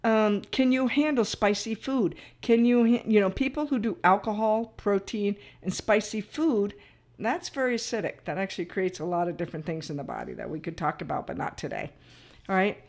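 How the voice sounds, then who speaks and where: Brief: middle-aged woman, nutrition coach, chatty and animated, talks straight to her viewers with a mid-range voice. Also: medium pitch, moderate pace. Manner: chatty, animated, laughs at herself, frequent "all right?" asides. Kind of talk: casual to-camera talk.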